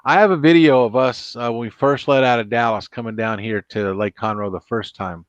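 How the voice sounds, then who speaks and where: A man's voice: medium pitch, fairly even intonation, brisk, no echo, lo-fi sound. A man hosting a late-night live stream, chatting casually and rambling through road stories and corny jokes. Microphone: computer mic.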